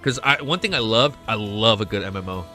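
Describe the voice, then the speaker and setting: A young man hosting a casual livestream, excitable and swearing often, reading chat aloud. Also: fairly low pitch, brisk. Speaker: livestream host. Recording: faint music behind.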